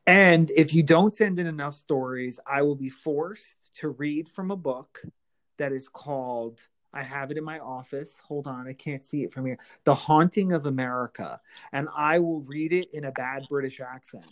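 A woman's voice: sits low, moderate pace. A woman co-hosting a casual podcast, teasing and joking with her partner. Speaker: podcast co-host.

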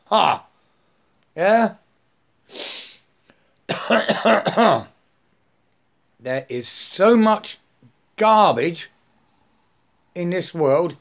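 A man drifts through a rambling spiritual monologue and often stops to ask "yeah?" or laugh. His voice is gravelly and sits a little high. He speaks slowly and unhurriedly. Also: expressive, lo-fi sound.

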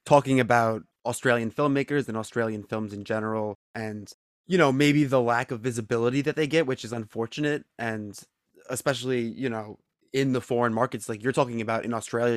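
A man from the United States hosts a casual podcast interview and talks through his ideas out loud. His pitch sits mid-range, and the sound is dry and close. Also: steady tone, brisk, clear, resonant tone, no room sound. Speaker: podcast host.

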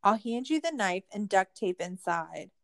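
A woman recapping a true-crime documentary in casual chat, sarcastic and swearing, full of "like" fillers, her voice jumping high when she is exasperated. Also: expressive, measured pace, creaky. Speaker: podcast host.

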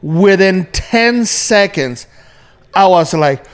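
A man chatting casually, relaxed and easygoing as he tells a story. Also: high voice, normal speed. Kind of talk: casual chat.

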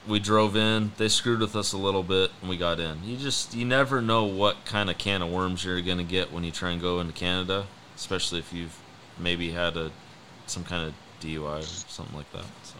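A man's voice: deep voice, steady tone, brisk, noisy background. A man guest telling stories in a casual chat, blunt and matter-of-fact. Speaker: racing guest.

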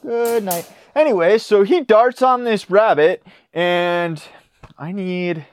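A man hosting a podcast, telling a rambling story in casual chat from his car, animated and swearing, trailing off and restarting. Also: sits high, slow pace, clear, resonant tone, no echo, clean studio sound. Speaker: podcast host. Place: in his car, parked then driving. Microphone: handheld audio recorder.

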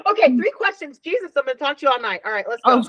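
A woman in her thirties hosting a podcast and chatting casually as a dog groomer, telling stories in a profane, animated way. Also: sits high, racing, no echo, dull audio. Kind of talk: casual chat.

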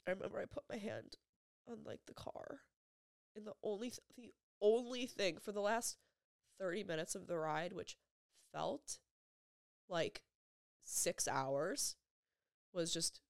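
A young woman vlogger telling a personal story, halting and emotional, with repeated phrases and frequent filler words. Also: medium pitch, vocal fry, no echo, clean studio sound.

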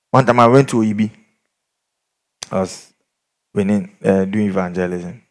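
A man's voice: lowish voice, moderate pace, long pauses. A man preaching a sermon, telling stories and acting out the people in them. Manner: animated storytelling, acts out quoted people.

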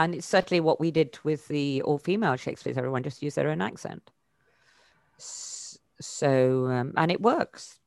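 A woman's voice: deep voice, gravelly, dry recording, studio quality. A woman, a voice coach answering interview questions thoughtfully, with many fillers and restarts and sudden emphatic lifts.

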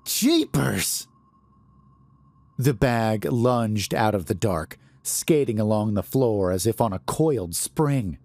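A man reading a horror story aloud in a deliberate, expressive manner. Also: fairly low pitch, no echo. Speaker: narrator.

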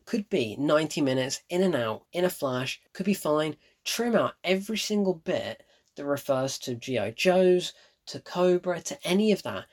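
A man's voice: a little high, animated, moderate pace. A man talks through a film review in a casual, opinionated way. He is blunt and emphatic, and he comes back to the same point again and again to drive it home.

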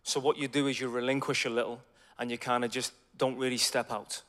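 A man, preaching a sermon as a story, dropping into hushed asides and then bursting out loudly. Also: mid-range voice, a little fast, in a large hall. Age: 40s. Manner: animated, swings from hushed asides to loud exclamations.

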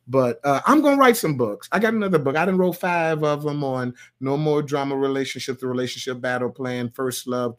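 Pastor guy talking aave, loose and folksy, reading viewer comments, gets loud sometimes, mid pitch. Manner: loose, folksy, playful, with sudden loud bursts. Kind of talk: livestream sermon talk reading viewer comments.

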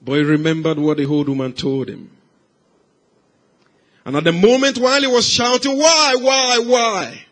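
A man preaching, telling a life story as a sermon, swinging from hushed, slow passages to loud, raised cries. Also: fairly high pitch. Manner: dramatic swings from hushed to shouted.

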